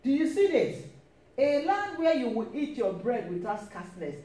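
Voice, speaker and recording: Woman preacher, really animated voice, echoey church, bit of hiss in the back. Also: a little high, moderate pace. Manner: emphatic, repeats key phrases, frequent calls of praise. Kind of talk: sermon. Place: church hall. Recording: echoey church, mic at a distance, faint hiss.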